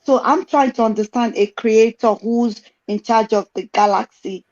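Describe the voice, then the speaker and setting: An excitable woman talks over a video call on earphones, her voice sitting a little high. The line sounds dull and lo-fi and keeps breaking up, as call audio does. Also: normal speed. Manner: excitable, loud when excited. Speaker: caller on livestream. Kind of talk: casual livestream discussion.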